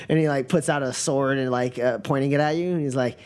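A man's voice: medium pitch, steady tone, fast, a little mellow. A man narrating as game master in a tabletop game, rambling with many fillers.

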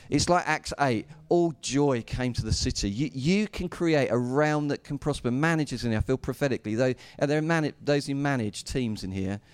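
A man's voice: medium pitch, darkish tone, smooth, no room sound. A man preaching a sermon, emphatic and repetitive with humorous asides.

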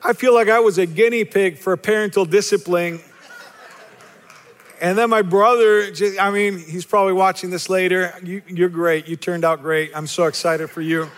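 A man with a high voice preaches to his congregation, repeating phrases for emphasis and throwing out rhetorical questions. He jokes at his own expense now and then. His voice carries a long reverb, as in a large church hall. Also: fairly even intonation, moderate pace. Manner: self-deprecating humor. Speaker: pastor. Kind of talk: sermon.

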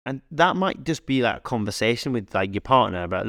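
A male fitness coach co-hosting a casual podcast, chatting in an animated, rambling way full of anecdotes and restarts. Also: mid-range voice, a little fast, hardly any pauses, dry recording, studio quality.

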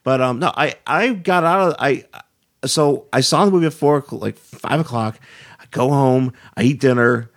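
A young man, a podcast guest, chatting casually about films and often stopping to restart his sentences. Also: mid-range voice. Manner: rambling, halting restarts. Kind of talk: casual film chat.

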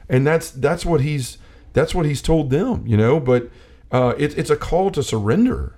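A man co-hosting a casual faith talk, speaking with animated energy and often acting out quotes. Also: a little high, normal speed. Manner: animated, acts out quotes, many restarts. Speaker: co-host.

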